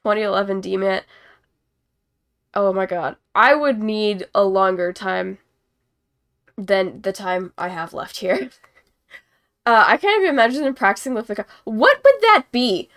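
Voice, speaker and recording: A woman's voice: medium pitch, a little slow, long pauses, a bit bright, clear, resonant tone. A young woman hosting a casual live-stream hockey chat, rambling and giggly while she paints as she talks. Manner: rambling, giggly, self-deprecating. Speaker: host.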